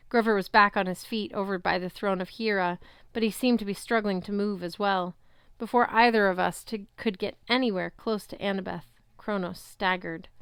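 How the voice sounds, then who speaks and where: Woman, steady story narration, smooth clear voice, dry close sound. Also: medium pitch, no echo. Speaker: audiobook reader. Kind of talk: first-person story narration.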